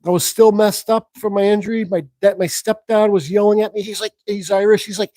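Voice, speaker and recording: A man's voice: high voice, a little fast, dark tone, dry recording, poor audio. A man hosting a live Q&A on his woodcarving channel, telling stories in a rambling, frank way with swearing and restarts. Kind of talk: live stream Q&A, casual storytelling.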